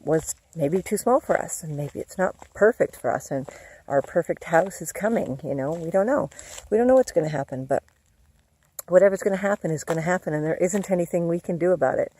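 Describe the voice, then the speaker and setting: A woman's voice: low-pitched, warm tone, a little hiss or hum. A middle-aged woman vlogging in a chatty, encouraging way, laughing often as she talks. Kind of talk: casual motivational vlog.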